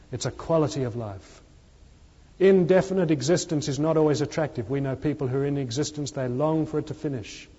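A man preaches in a church, emphatic and repetitive, his voice falling low on the lines he quotes. His voice is mellow and slightly husky. The dull, lo-fi recording carries a long reverb from the hall. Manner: emphatic, repeating key phrases, dropping his voice on quotes. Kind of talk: sermon.

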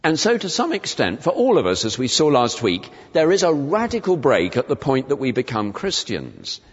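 A man delivering a sermon in a church, explaining his passage step by step and slowing to weigh each quoted verse. His pitch moves widely as he stresses words. The recording is dull and lo-fi, with a long reverb from the hall around him. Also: wildly swooping pitch, husky. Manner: measured, expository, slows to stress quoted verses. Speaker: preacher.

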